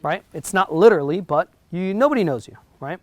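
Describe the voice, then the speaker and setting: A man's voice: high-pitched, animated, brisk. A man with a New Jersey accent giving a motivational talk to realtors, chatty and often checking in with his audience. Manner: conversational, keeps checking in with the audience. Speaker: real estate broker teaching realtors. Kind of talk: motivational talk to a live group.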